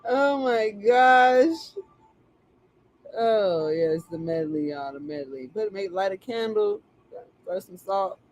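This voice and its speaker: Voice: mid-range voice, unhurried, warm tone, faint music behind, rough recording. A tarot reader in casual live-stream chat, joking and chatty with plenty of slang.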